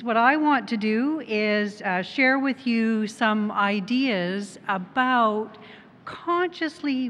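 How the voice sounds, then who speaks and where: A middle-aged woman from Canada giving a conference presentation, putting questions to the audience and telling little stories. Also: fairly high pitch. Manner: poses questions to the audience and tells anecdotes. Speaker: conference presenter, tech company head. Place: large conference hall. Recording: long hall reverb, faint background noise.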